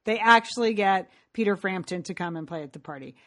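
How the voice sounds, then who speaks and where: A woman's voice: mid-range voice, a little fast, fairly bright tone. A woman co-hosting a podcast who leads the recap in an upbeat, casual way. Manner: upbeat, laughs often, leads the segments. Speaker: podcast co-host. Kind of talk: casual chat recapping a TV episode.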